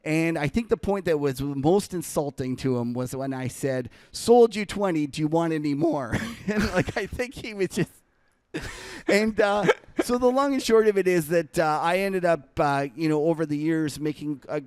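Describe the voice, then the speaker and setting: A man's voice: on the high side, normal speed, clean tone, dry recording, studio quality. A man telling a long trading anecdote in a casual podcast chat, with many fillers and restarts, acting out other people's lines and laughing as he goes. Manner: rambling anecdote full of fillers and self-corrections; laughs while telling the story. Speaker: trader and podcast co-host. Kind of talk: casual storytelling.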